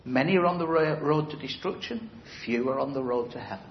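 A man's voice: medium pitch, fairly quick, a little hiss or hum. A middle-aged man preaching an evangelistic sermon in a church hall, speaking emphatically and conversationally and putting questions to his listeners. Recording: roomy, slightly dull hall recording.

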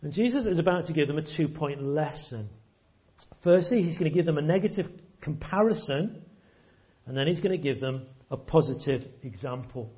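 A man delivers a sermon in an earnest, storytelling way, doubling up words as he presses his points. His voice sits a bit high for a man. The recording sounds muffled and low-fidelity. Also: animated, moderate pace. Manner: earnest, repeats words when stressing a point. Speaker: preacher.

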